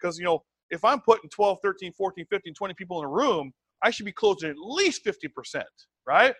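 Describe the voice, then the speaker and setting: Male sales trainer teaching a live group; emphatic, conversational, keeps checking in with the room; fairly high voice. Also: brisk, husky, no echo. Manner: emphatic, tags points with "right?" and "okay?"; repeats words, conversational and animated.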